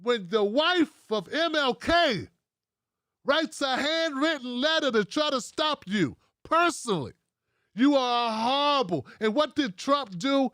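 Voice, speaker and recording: High-voiced profane American man ranting. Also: expressive, measured pace, fairly bright tone, dry recording, clean studio sound. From United States. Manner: profane, blunt, ranting to viewers; reads out live chat comments. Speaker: livestream host. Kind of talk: political commentary livestream.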